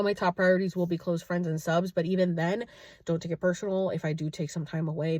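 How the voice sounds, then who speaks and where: A woman in her late thirties, casually telling a story to her followers, animated and chatty, acting out both sides of a conversation. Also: lowish voice, no room sound, studio quality. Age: 30s. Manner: chatty, animated retelling with quoted dialogue. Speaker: vlogger. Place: at home, indoors.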